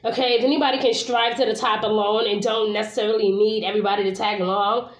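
A woman's voice: medium pitch, level tone, quick pace. A woman from Brooklyn, New York, giving a casual tarot reading to camera, chatty and informal, swearing now and then and often asking "okay?". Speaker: tarot reader. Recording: echoey room.

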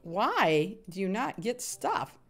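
A woman's voice: medium pitch, sing-song, slow, fairly bright tone, faint music behind. A woman streaming a game live, chatting with viewers, cheering on other players and humming little sound effects as she plays. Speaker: gaming streamer. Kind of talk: live Minecraft stream commentary.

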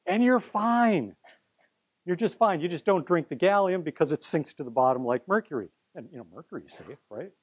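High-voiced playful male chemistry professor. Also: animated, moderate pace, husky. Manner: playful, theatrical, coaxing students up as volunteers. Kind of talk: live classroom lecture.

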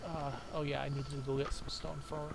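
A man's voice: a little high, flat delivery, brisk, creaky, very noisy. An American man talking through his moves while playing a co-op game, methodical and full of ums and uhs. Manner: methodical, thinks aloud with many fillers. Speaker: co-op game player. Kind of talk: casual gaming chat.

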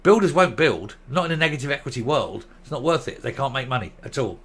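A man's voice: mid-range voice, lively intonation, fast, a bit bright, slightly rough. A man giving ranting commentary, blunt, sarcastic and combative.

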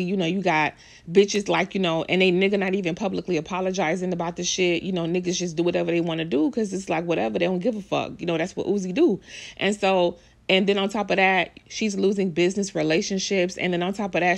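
Gravelly-voiced woman ranting about gossip. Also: fairly low pitch. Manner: blunt, profane, emphatic ranting. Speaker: vlogger commenting on celebrity news. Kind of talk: casual celebrity gossip commentary.

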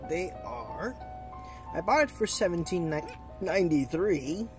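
A man's voice: sits high, expressive, measured pace, music in the background. A man with the hiccups doing chatty, easily delighted commentary while opening trading card packs and thinking aloud. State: has the hiccups. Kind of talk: casual unboxing commentary.

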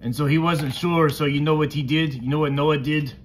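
A man's voice: on the high side, steady tone, brisk, a little hiss or hum, natural voice. A man voicing a friendly male monster puppet who tells a Bible story to a child in broken, simple grammar. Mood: playful.

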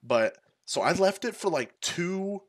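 A man's voice: high-pitched, expressive, unhurried, no room sound, clean studio sound. A young man streamer telling a crude, rambling story in a casual way, full of fillers like "like" and "bro". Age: young adult.

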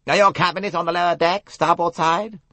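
A man voicing a cool, brisk older British officer who questions coldly. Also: high voice, fairly even intonation, a bit bright, no room sound, pitched above the performer's own voice. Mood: questioning.

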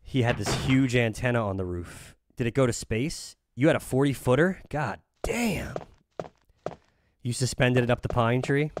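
A man's voice: mid-range voice, normal speed, slight background noise. A man from the Philadelphia area streaming a game, chatting casually, joking, swearing a lot, and rambling. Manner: profane, joking, rambling, humming to himself. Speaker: gaming streamer. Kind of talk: casual live-stream chat over gameplay. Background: game music.

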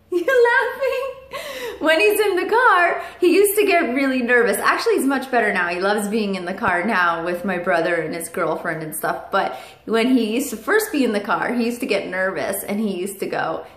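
A woman's voice: on the high side, expressive, measured pace, fairly bright tone, reverberant. A woman vlogger telling a casual story to camera at home, chatty, with fillers and asides to her parrot.

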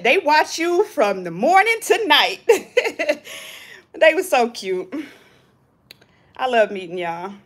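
Lady doing a live stream off her phone, chatty, kinda high voice, saying hey to viewers. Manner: chatty, animated, reads viewer comments. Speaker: vlogger hosting a live stream. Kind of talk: casual live-stream chat. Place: hotel balcony by the beach.

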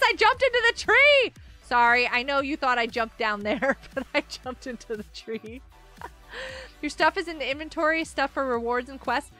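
With a high-pitched, pushed and bright voice, a young woman chats to viewers during a live game stream. She comes across as bubbly, often exclaiming and laughing.

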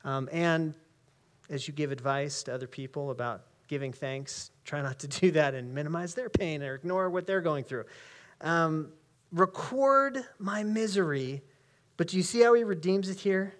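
Man preaching a conversational sermon. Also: on the high side. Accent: American. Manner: conversational preaching, reads scripture slowly and emphatically. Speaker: pastor. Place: church sanctuary.

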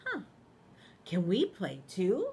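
A woman's voice: medium pitch, huge pitch swings, slow, a little mellow, a little hiss or hum. A woman voicing a little girl lamb in a picture book read-aloud, cautious and drawn out. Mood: hopeful.

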